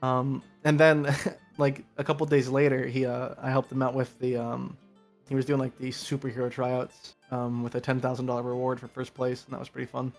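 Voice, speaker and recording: A man's voice: medium pitch, brisk. Young New Jersey man, New York accent, tired, rambling storyteller, faint music underneath. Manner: rambling, animated when telling stories. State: tired from little sleep. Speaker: guest player. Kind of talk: casual chat.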